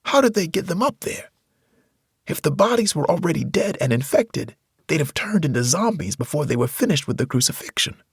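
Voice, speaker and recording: A man's voice: fairly high pitch, sing-song, brisk, slightly rough, dry recording, clean studio sound, voice pushed up, exaggerated voice. A man voicing a frightened man who chokes out his questions. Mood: panicked. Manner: choked, panicky.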